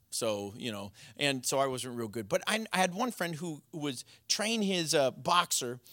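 A man's voice: medium pitch, a bit bright, no echo, studio quality. A man preaching a sermon, telling stories in a plain, conversational way. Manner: conversational storytelling, plain folksy talk.

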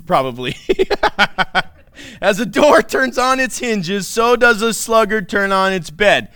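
A male pastor preaching with a bright, high voice that swings widely as he jokes. He is sarcastic and laughs often, and the sound is close and dry with no room echo. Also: clean tone. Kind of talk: sermon.

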